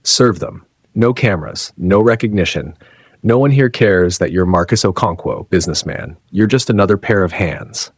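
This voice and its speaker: A man voicing a calm, patient wife who gives firm, measured instructions. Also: low voice, husky, no echo.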